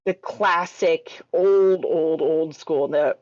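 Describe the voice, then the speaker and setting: A woman speaks as a podcast guest, casual and playful in her remarks. Her voice sits a bit low, and the recording is dry and muffled, with little top end. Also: slow pace, darkish tone, dry recording. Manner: playful, joking asides. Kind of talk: casual chat.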